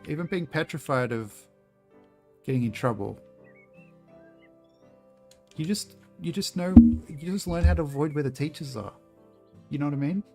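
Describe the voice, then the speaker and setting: A man's voice: a little high, moderate pace, gravelly, long pauses, darkish tone, soft background music. Joking, sweary Australian guy. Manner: loose and joking, swears freely, laughs often. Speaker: streamer. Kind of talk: casual gameplay commentary, chatting with viewers.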